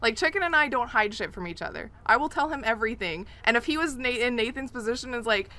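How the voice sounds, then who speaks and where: A woman co-hosting a casual gaming podcast, talking expressively in long animated runs. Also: a little high, very fast, hardly any pauses. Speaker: podcast co-host.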